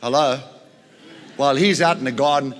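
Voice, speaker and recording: A man preaching a storytelling sermon, retelling a Bible story in an animated way with frequent chuckles. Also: mid-range voice, moderate pace, long reverb tail.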